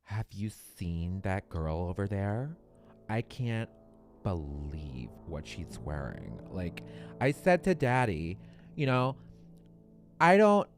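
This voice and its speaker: A man's voice: fairly low pitch, pitched below the performer's own voice. Valley girl, done by a man, whiny, gossipy, spoiled.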